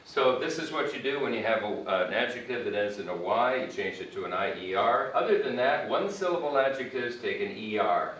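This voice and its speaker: A man's voice: lowish voice, animated, a little fast, hardly any pauses, a bit bright. A man teaching English grammar who spells words out letter by letter and repeats each example sentence while writing on a board. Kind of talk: grammar lesson. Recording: echoey room, mic far off, faint background noise.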